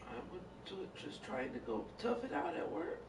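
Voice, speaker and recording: A woman at home answering her partner quietly and hesitantly, defending herself in an argument. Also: a little high, huge pitch swings, moderate pace. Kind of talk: defensive replies in a domestic argument. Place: inside a house. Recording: echoey room, voice from far off, faint hiss.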